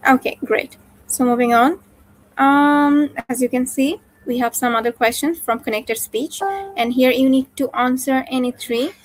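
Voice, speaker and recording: A woman teacher runs an oral exam, her voice sitting somewhat high. She reads out each question and gives brisk instructions. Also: fairly even intonation, faint music behind, low-quality recording. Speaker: teacher examining. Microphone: online call.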